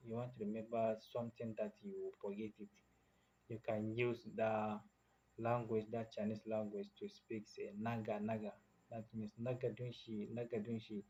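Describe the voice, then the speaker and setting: A Nigerian man teaching phrases as a casual language lesson, repeating each phrase slowly and switching between languages. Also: fairly low pitch, flat delivery, mellow, lo-fi sound, slight background noise.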